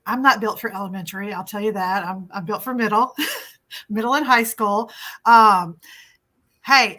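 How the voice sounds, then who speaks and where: A middle-aged woman hosting a webinar, chatty and animated, often restarting her sentences. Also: medium pitch. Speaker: librarian and webinar host.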